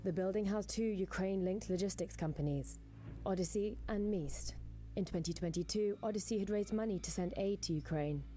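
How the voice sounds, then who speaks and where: A woman narrating a scripted news report in a measured, even delivery. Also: medium pitch, faint music behind.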